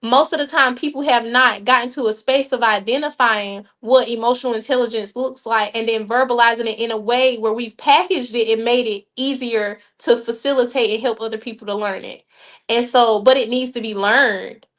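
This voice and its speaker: A woman with a high voice chats as a podcast guest. She talks in an animated, laughing way, tossing folksy asides to the listeners. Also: moderate pace. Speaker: youth program leader, guest. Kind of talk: casual podcast chat.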